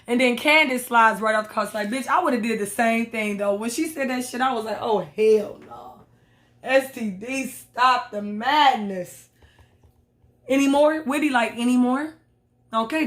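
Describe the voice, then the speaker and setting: A woman's voice: fairly high pitch, a bit bright. A woman recapping reality TV in a blunt, sassy, profane commentary. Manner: sassy, blunt, swears a lot. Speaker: reality TV reviewer.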